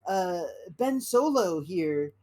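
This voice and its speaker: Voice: medium pitch, expressive, slow, a crowd in the background, pitched above the performer's own voice. A podcast host voicing a kindly male Jedi master hologram in a playful made-up scene, in a raised, earnest voice. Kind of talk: playful retelling of a made-up episode.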